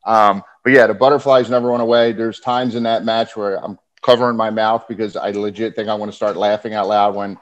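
A man recounting his wrestling days in an easygoing, animated way, laughing now and then. The audio is dull and slightly muffled, like a lo-fi podcast track. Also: fairly low pitch, fairly quick, few pauses. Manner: animated, laughs often while telling stories. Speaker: guest, former pro wrestler. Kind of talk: casual storytelling.

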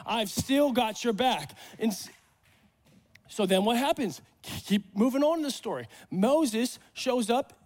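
A man preaching a sermon at a church service, animated and joking, acting out the voices in the Bible stories. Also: very high voice, measured pace. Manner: animated, acts out Bible voices, jokes with congregation. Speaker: pastor.

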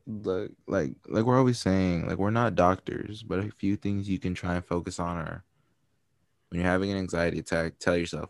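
Deep gravelly guy on a podcast, frank and supportive, lots of "like", dry close sound. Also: fairly even intonation, moderate pace, dry recording. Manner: frank, supportive, filler-heavy. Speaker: podcast co-host. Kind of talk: casual advice chat.

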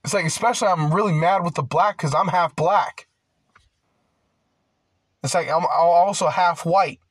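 A young man in a casual ranting monologue, rambling with constant filler words and swearing, growing loud and heated at times. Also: fairly high pitch, normal speed, slightly rough, no room sound. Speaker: vlogger.

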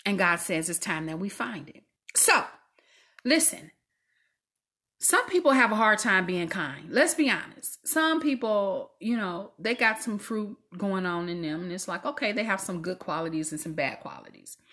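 Husky woman preaching on a podcast. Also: medium pitch, expressive, moderate pace. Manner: preachy, exhortative, dips into soft whispers. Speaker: podcast host. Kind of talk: faith-based podcast talk.

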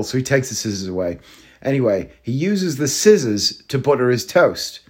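A man's voice: mid-range voice, lively intonation, normal speed. A man in his thirties hosting a solo comedy podcast, rambling and self-deprecating as he tells stories. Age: 30s. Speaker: podcast host and actor. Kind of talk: casual comedic monologue.

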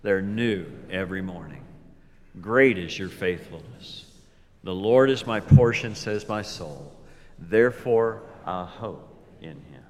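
A male pastor preaching a sermon, slow and deliberate, swinging from loud emphasis to near whispers. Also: sits low, animated. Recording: long reverb of a large hall.

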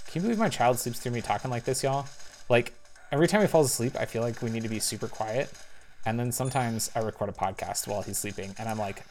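A man's voice: medium pitch, fairly quick. Chatty man narrating his gameplay. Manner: chatty, thinks aloud, excited little outbursts. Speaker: gamer playing a spy video game; parent. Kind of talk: casual gameplay commentary. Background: faint game music.

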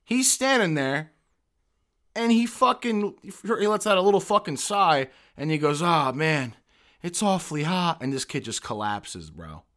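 A man, an army veteran, telling profane, animated stories in a casual chat. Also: high-pitched, a little slow.

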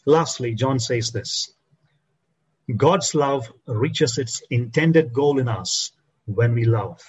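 A man preaching a sermon as a pastor, slowing and dropping his voice low to stress key phrases. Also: husky, lo-fi sound.

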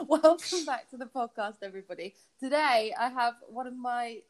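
Young female host, lively chatty manner, talks over a call app. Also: on the high side, moderate pace. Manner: animated, chatty, laughs often. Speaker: podcast host. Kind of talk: casual chat between friends. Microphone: remote call app.

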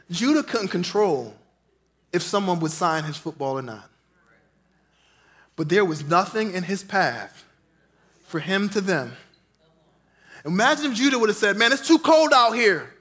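A man, a pastor, preaching a sermon in an animated storytelling way, swinging from loud, passionate lines to hushed asides. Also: high-pitched, a little slow, long pauses.

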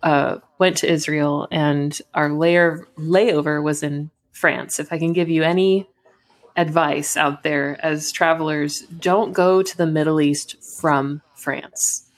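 A young woman with a slightly low voice tells a story in relaxed conversation. She is animated and slips into the voices of the people in her story. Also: slow. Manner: animated storyteller who acts out dialogue. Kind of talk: casual chat.

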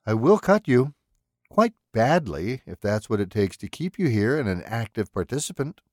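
A man voicing a calm, polite killer in an audiobook, speaking in a precise, mannered and coolly threatening way. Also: mid-range voice, normal speed, dry recording, clean studio sound, voice pushed up. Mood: menacing. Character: calm, menacing male killer, polite and unhinged.

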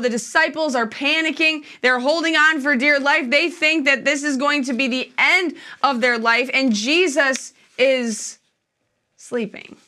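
A woman delivering a sermon in a church, her voice bright and clear and pitched a little high. She talks in a relaxed, conversational way, loose with fillers as she tells the story. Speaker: preacher.

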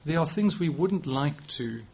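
A man's voice: on the high side, animated, unhurried, vocal fry, darkish tone, slightly rough. A man in his forties with a South African accent, giving a conversational sermon with occasional restarts and light self-deprecating humor. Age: 40s. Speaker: preacher.

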